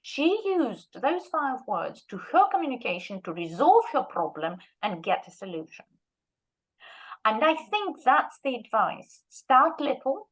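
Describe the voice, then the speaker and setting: Animated woman telling teaching stories. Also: high-pitched, a little slow, breathy edge, rough recording. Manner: lively storyteller who acts out quoted speech. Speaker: guest lecturer and Russian teacher. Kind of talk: anecdotal workshop talk.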